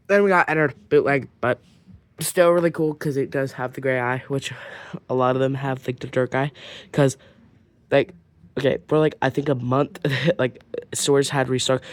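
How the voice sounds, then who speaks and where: A man from Ireland talking through his toy collection in a loose, rambling way. He fills his sentences with fillers and restarts, and now and then drops almost to a whisper before picking back up. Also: medium pitch. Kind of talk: casual collection show-and-tell.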